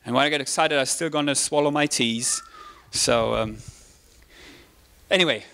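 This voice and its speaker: A man's voice: mid-range voice, normal speed, creaky, sharp tone, smooth. A man in his forties from Germany with a German accent over British English, preaching a personal, conversational sermon with self-deprecating asides. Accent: German, with British English layered on. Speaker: pastor.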